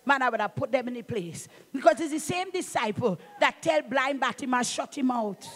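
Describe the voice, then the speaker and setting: A middle-aged Trinidadian woman preaches from the pulpit with fervour. She hammers her points home, calls out to the congregation, and rises into shouts as the sermon builds. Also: high-pitched, expressive, normal speed, husky. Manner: fervent, emphatic preaching with call-outs and bursts of shouting. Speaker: pastor.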